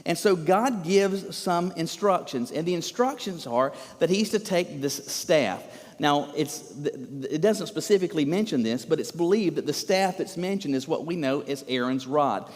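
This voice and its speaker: Male pastor, sermon, emphatic, rhetorical questions, higher voice, long church reverb. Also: expressive, normal speed, darkish tone.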